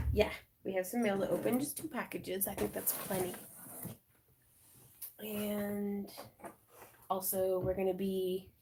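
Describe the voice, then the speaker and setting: A woman's voice: medium pitch, darkish tone, slight background noise. A woman hosting a live craft stream, chatting in a bubbly, giggly way with her viewers and her cat. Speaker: craft channel host.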